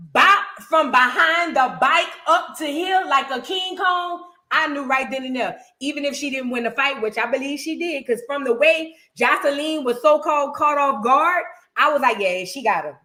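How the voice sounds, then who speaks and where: A woman hosting a reaction show, giving blunt, profane, animated commentary in a casual way. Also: sits high, moderate pace.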